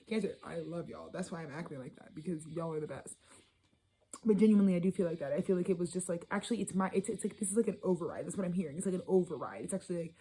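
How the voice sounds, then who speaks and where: A woman giving a casual, channeled tarot reading to her viewers. She talks in a loose, profane, animated way. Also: fairly low pitch, racing, a little hiss or hum. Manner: loose, profane, animated, slipping into quoted voices. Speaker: tarot reader.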